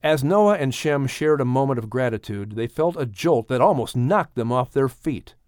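A male audiobook narrator with a mid-pitched voice and a steady storytelling delivery. The recording is dry and close to the mic, with no room sound. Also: moderate pace, dry recording. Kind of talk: scripted narration.

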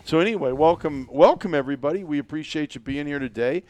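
A middle-aged man hosts a podcast in a loose, rambling way, joking and restarting his sentences often. His voice is smooth and resonant. It is recorded dry and close, with no room sound. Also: a little high, quick pace, a little mellow, no room sound. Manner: rambling, jokey, many fillers and restarts. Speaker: podcast host. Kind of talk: casual chat.

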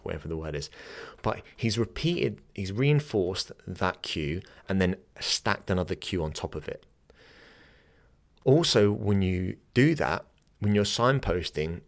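A man, a yoga teacher giving casual, direct teaching advice with chatty asides. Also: sits low. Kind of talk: instructional talk.

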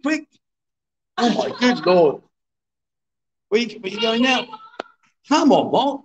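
A man's voice: very high-pitched, big pitch swings, slow, long pauses, lo-fi sound, slight background noise. A middle-aged man, hosting a live stream from a bar and cheering on pool players, coaxing and joking with viewers. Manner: jokey, coaxing, chatty with viewers. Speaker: livestream host.

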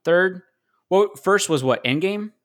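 A man hosting a casual podcast chat, chatty and quick to laugh, often correcting himself as he goes. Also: sits high, animated, fairly bright tone. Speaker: podcast host.

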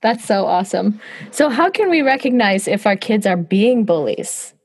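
A woman's voice: medium pitch, expressive, moderate pace. A woman hosting an interview, asking questions and giving short agreeing replies. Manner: warm backchanneling, brief interjections. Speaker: podcast host. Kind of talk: casual interview.

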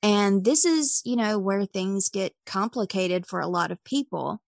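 A young woman tells a case in an easygoing, conversational podcast style, dropping fillers as she goes. Her voice sits at a middle pitch. The recording is dry and close, with no room sound. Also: gravelly, no room sound. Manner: reads quoted texts quickly, chatty with fillers. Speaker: true crime podcaster. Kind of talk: casual podcast storytelling.

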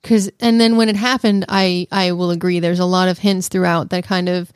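A woman's voice: on the low side, little pitch movement, moderate pace, clean tone, no room sound, studio quality. A woman co-hosting a casual film review podcast, thoughtful and teasing, often restarting her sentences. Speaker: podcast co-host.

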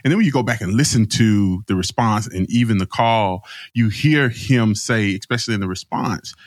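A man's voice: lowish voice, moderate pace, no echo, clean studio sound. A man co-hosting a casual podcast chat, easygoing and playful, laughing often. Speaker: podcast co-host.

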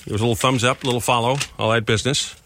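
A man hosting a radio talk show, upbeat and quick to laugh. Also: medium pitch, flat delivery, fairly bright tone, slight background noise.

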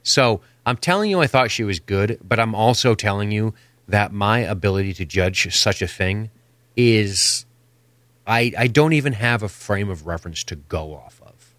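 Low-voiced man ranting casually. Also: lively intonation, normal speed, a bit bright, no room sound. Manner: opinionated, rambling, swears freely. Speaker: podcast co-host. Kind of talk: casual chat.

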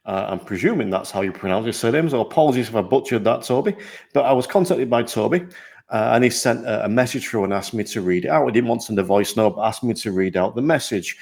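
A man's voice: quick pace, vocal fry. Upbeat man hosting a podcast. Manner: upbeat and self-deprecating, with lively jumps in pitch. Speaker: podcast host.

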